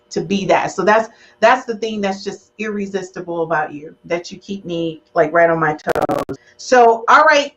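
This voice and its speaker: A woman hosting a casual relationship podcast over a video call, animated, teasing and playfully dramatic. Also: mid-range voice, lo-fi sound. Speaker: podcast host.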